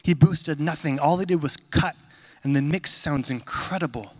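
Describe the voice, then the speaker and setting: A man in his thirties preaching a sermon in a conversational, animated storytelling manner. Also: a little high, moderate pace, breathy edge. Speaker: pastor.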